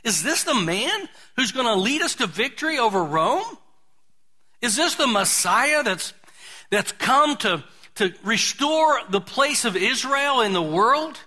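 A man's voice: very high-pitched, huge pitch swings, slow, hardly any pauses, sharp tone, husky, pitched above the performer's own voice, heavily acted. A man, a preacher, putting on the voice of a bewildered, impulsive male disciple who protests in disbelief. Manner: incredulous, protesting.

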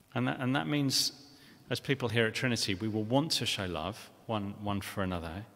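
A man's voice: fairly low pitch, normal speed, fairly bright tone. A man preaching a sermon in a church, earnest and conversational, often restarting phrases and asking the congregation questions. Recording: long reverb of a church hall.

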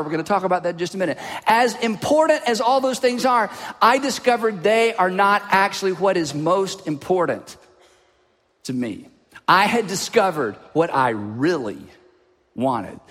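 A high-voiced preacher in a big hall. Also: male voice. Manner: animated storytelling, drops low for asides. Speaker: pastor. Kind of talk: sermon. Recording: long hall reverb.

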